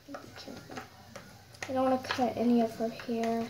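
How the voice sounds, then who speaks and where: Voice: mid-range voice, flat delivery, brisk. A young girl chatting casually to viewers while she unboxes a toy, talking aloud as she fusses with the packaging. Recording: echoey room with background noise.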